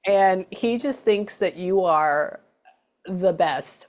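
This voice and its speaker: A woman's voice: lowish voice, slow. A young woman giving a mediumship reading, chatty and casual, often dropping to a whisper before speaking up again. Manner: chatty, often drops to a whisper to listen, then speaks up brightly. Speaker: spiritual medium.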